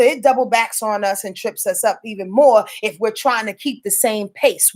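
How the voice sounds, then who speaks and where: A high-pitched woman talks through her weekly astrology forecast, loose and unscripted. She rambles, swears freely and darts into playful asides, her voice jumping up and down as she goes. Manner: rambling, profane, animated, with playful asides and sudden pitch jumps. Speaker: astrologer giving a weekly rundown. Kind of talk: casual spoken forecast.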